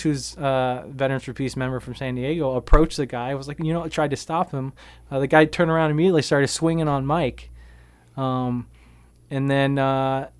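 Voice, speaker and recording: A man's smooth, clear voice, recorded dry and close in a radio studio. He tells a story casually, with many fillers and "um"s, and rises in animated bursts at the key moments. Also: a little high, no echo. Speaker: guest activist, veteran.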